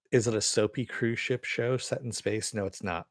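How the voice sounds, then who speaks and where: A man whose voice is on the low side hosts a podcast, recorded at studio quality without echo. Laid-back and profane, he laughs a lot while chatting through listener comments and rambling over entertainment news.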